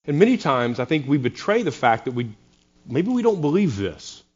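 A man's voice: fairly high pitch, sing-song, moderate pace, dull audio. A man preaching a sermon, earnest, with wry sarcastic asides to his congregation. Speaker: pastor.

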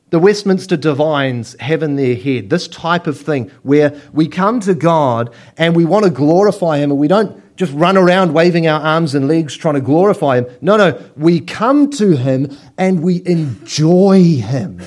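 A man preaching a sermon as pastor, telling lively stories and acting out little scenes. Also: fairly high pitch, measured pace.

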